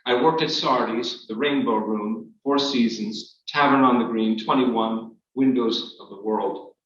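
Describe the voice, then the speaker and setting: Guy reading his memoir out loud, wry and measured, boomy hall sound, kinda far off and muffled. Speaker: author reading his work. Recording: echoey hall, distant, dull.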